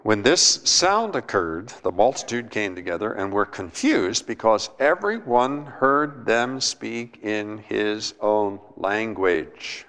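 Male preacher, emphatic sermon, rough gravelly tone, long hall echo. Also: lowish voice, animated, slow, few pauses, fairly bright tone. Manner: emphatic, repeats words, asks the listeners questions.

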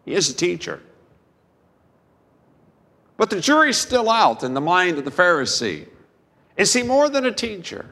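A man preaching a sermon as a pastor, slow and deliberate, with dramatic pauses. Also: sits high, sing-song, gravelly, sharp tone, in a large hall.

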